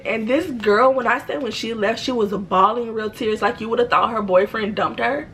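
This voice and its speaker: A woman's voice: on the high side, normal speed, hardly any pauses, a bit bright, a little hiss or hum, poor audio. A young woman telling a personal story to her viewers in a chatty, slangy way. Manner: chatty, slangy, many fillers. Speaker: storytime vlogger. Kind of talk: casual storytelling.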